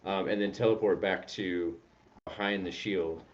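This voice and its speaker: Lower-voiced man on dull lo-fi audio. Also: fairly even intonation, unhurried. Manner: playful, rambling, jokey. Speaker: podcast host. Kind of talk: casual chat about tabletop gaming.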